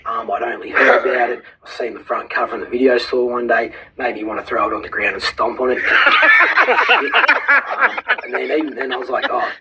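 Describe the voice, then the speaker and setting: A man's voice: mid-range voice, expressive, normal speed, very noisy. A man with an Australian accent giving a crude, swearing film rant and telling a comic anecdote, often laughing at his own jokes. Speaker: contributor sending in a recorded review.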